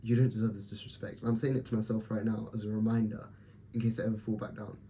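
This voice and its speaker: A man's voice: fairly low pitch, level tone, fast talker, mellow, slight background noise. A young man talking candidly to camera in a personal vlog, blunt and swearing as he gives himself and his viewers a pep talk. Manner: blunt, profane, self-motivating pep talk. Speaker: vlogger.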